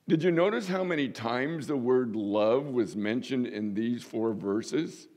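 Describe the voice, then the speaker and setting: Slow, folksy older male pastor. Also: lively intonation, a little mellow. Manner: slow, folksy and humorous, with sudden lifts in pitch for emphasis. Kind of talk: sermon.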